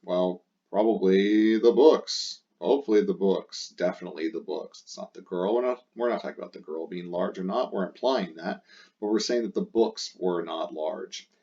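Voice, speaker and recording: A Latin teacher with a very deep, dark-toned voice walks through a language exercise step by step, patiently circling back to the key words again and again at a moderate pace. The audio is dull and lo-fi, like a basic home recording.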